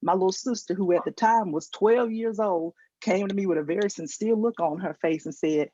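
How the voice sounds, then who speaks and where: A woman from Georgia with a Southern American accent performs a virtual stand-up set over a video call. Her voice is lowish and darkish, at a moderate pace with hardly any pauses, as she tells stories with acted-out quotes and self-mocking asides. The video call mic gives dull lo-fi audio.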